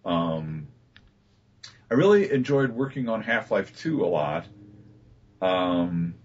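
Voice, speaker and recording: Low husky man telling stories. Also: slow pace. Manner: relaxed anecdotal storytelling with many fillers. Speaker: voice actor guest. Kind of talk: casual interview talk. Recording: dull lo-fi recording.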